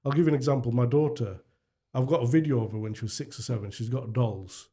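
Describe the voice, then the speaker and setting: A man's voice: medium pitch, fast talker, dark tone. A man in his forties, a podcast co-host telling parenting stories in casual, earnest chat. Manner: earnest, storytelling, laughs easily.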